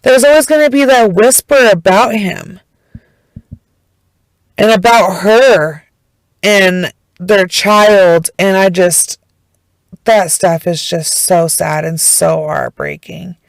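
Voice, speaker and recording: A woman recounts a true crime case in a casual storytime, emotional and emphatic and quick to swear. she talks slowly and lets the words land. the recording is dry, with no room sound. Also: medium pitch, no echo, low-quality recording.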